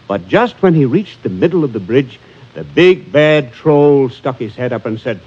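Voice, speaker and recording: Lively sing-song male storyteller. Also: mid-range voice, moderate pace. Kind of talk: storybook reading. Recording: muffled, with music behind.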